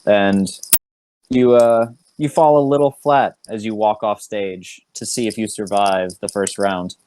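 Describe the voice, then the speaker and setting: Laid-back low-voiced game master. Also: male voice, fairly even intonation, unhurried, darkish tone. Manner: laid-back, laughing often. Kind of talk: narrating a tabletop game. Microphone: online voice chat.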